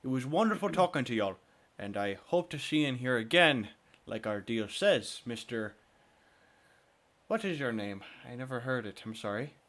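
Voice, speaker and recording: A man voicing a teasing, gruff male shopkeeper who haggles with customers. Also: mid-range voice, lively intonation, normal speed, fairly bright tone, lightly acted. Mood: haggling.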